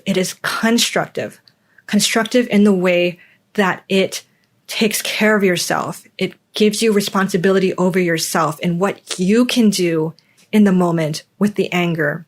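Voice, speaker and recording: A young adult woman hosting a podcast, speaking candidly in a reflective personal monologue and acting out the voices in her stories. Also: mid-range voice. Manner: candid, acts out quoted voices. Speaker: podcast host.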